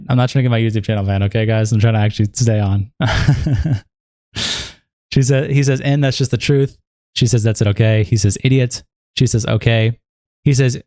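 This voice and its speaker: A young man on a livestream, reading messages aloud in a casual, halting way and stopping to react. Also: mid-range voice, no echo, clean studio sound. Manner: casual, halting, reads flatly and breaks off to react. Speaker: streamer.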